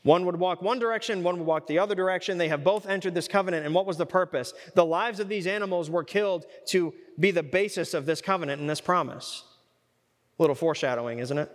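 A man's voice: high-pitched, fast talker, long reverb tail. A man preaching a Bible study, conversational and fond of rhetorical questions. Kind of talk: sermon.

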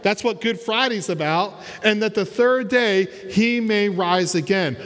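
A man's voice: high-pitched, a little slow, a bit bright, big-room sound. A man preaching a sermon as pastor in a church, repeating key words and asking rhetorical questions.

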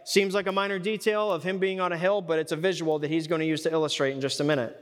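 A man's voice: fairly high pitch, fairly even intonation, fast talker, in a large hall. A man preaching a Bible study, conversational and fond of rhetorical questions. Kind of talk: sermon.

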